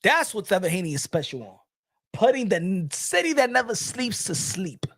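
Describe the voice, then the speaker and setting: A man's voice: high voice, big pitch swings, normal speed, a bit bright, no room sound, clean studio sound. A man giving a casual boxing opinion rant, blunt, profane and mocking. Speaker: boxing commentator.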